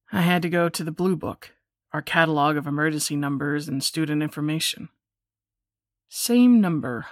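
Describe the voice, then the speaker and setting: A woman reading a first-person horror story aloud in a measured, suspenseful storytelling manner. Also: low voice, dry recording, studio quality. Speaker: narrator.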